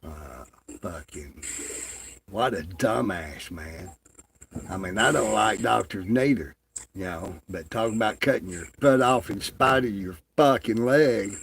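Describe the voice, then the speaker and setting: A man's voice: lowish voice, unhurried, gravelly, slight background noise. A man ranting in crude, profane, mocking commentary, drawling with lots of fillers. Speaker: online commentator.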